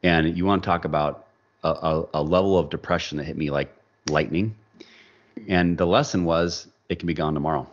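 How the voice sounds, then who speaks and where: Speaking at a moderate pace in a low voice, a podcast guest shares a story from his own life over lo-fi audio. He brings it to life by acting out what others said, the way an animated storyteller would in a relaxed interview.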